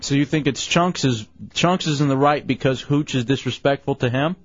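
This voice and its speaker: Calm male radio show host. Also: medium pitch, moderate pace, dry recording, highs cut off. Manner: calm, refereeing an argument. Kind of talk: live radio talk show banter.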